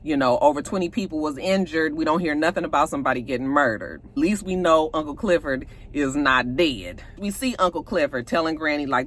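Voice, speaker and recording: A woman's voice: sits low, fairly quick, hardly any pauses. A woman, casually retelling a TV episode and acting out the characters' lines. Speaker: TV show recapper.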